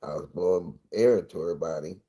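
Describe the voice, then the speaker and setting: A man livestreaming, telling a personal story in a rambling, profane, intense way with a gravelly voice. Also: low-pitched, brisk, dark tone. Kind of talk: emotional storytelling monologue.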